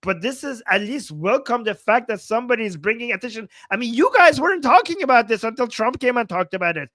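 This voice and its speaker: A man's voice: very high-pitched, expressive, fast, pushed and bright, dry recording. A man commentating on a news clip in a sarcastic, combative way, swearing often. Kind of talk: reaction commentary.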